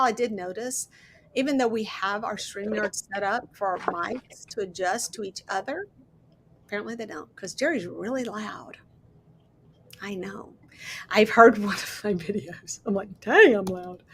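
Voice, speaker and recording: A woman's voice: mid-range voice, normal speed, a bit bright, slight background noise. A woman hosting a casual crafting livestream, chatty and sleep-deprived, thinking aloud and greeting viewers as they join. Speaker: host of a miniatures crafting livestream.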